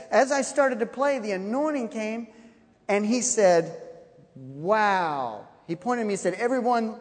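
A man preaching a sermon, telling a personal story with animated, laughing delivery. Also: high-pitched. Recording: long hall reverb.

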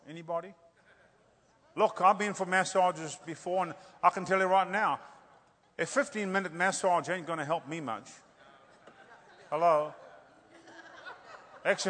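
A high-voiced male preacher delivering a humorous sermon in a church. He jokes animatedly and keeps teasing the congregation with rhetorical questions. His voice rings out in a long reverb. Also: moderate pace, long pauses. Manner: animated, joking, repeats "hello?" for laughs.

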